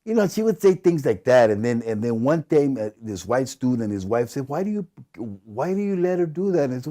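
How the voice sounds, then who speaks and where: A man's voice: mid-range voice, a little fast, hardly any pauses. A middle-aged man telling stories in an interview, acting out what people said and laughing often. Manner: animated, acts out quoted dialogue, laughs often. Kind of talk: casual storytelling interview.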